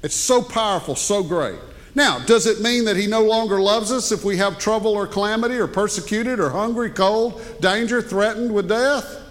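An older man preaching a sermon as pastor, folksy and animated, joking with the congregation. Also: high voice, moderate pace. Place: church sanctuary. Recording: long hall reverb.

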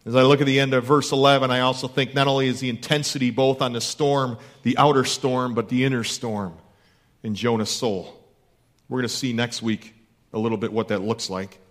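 A man's voice: mid-range voice, fairly even intonation, a little fast. A man preaching a sermon in a conversational, emphatic way, repeating key phrases. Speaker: pastor.

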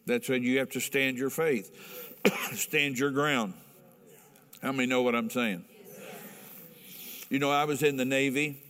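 A middle-aged pastor preaching a sermon in a folksy, emphatic way, asking the congregation questions as he tells a story. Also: mid-range voice. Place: church hall with a congregation. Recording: long reverb in a large hall.

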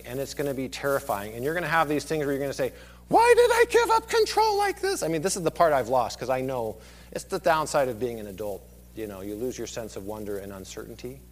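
A man in his thirties preaching a sermon, conversational and digressive, often dropping suddenly to a quiet voice. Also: mid-range voice. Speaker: pastor.

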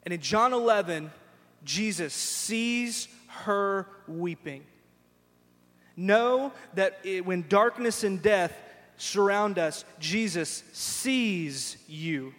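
Pastor guy preaching in a church, high voice, big hall echo, acts out the characters. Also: drawn-out words. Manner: animated storytelling preacher who acts out voices. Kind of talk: sermon. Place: large church sanctuary. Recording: long hall reverb in a church.

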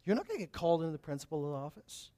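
A man's voice: fairly high pitch, big pitch swings, racing, mellow. A male pastor preaching a sermon, telling stories casually and then building to emphatic, raised declarations.

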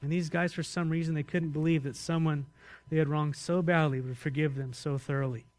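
Male pastor, relaxed sermon delivery, somewhat higher-pitched voice, asks the room questions. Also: brisk. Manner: conversational, asks the congregation questions.

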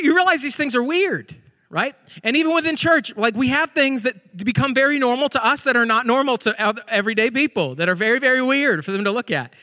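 A male pastor in his forties telling chatty, animated personal stories during a sermon. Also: sits high, no room sound, clean studio sound, long reverb tail.

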